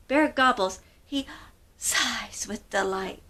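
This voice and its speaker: A woman's voice: a little high, slow pace, background noise. A woman hosting children's storytime, reading aloud expressively in a sing-song way and asking the kids questions. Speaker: storytime host.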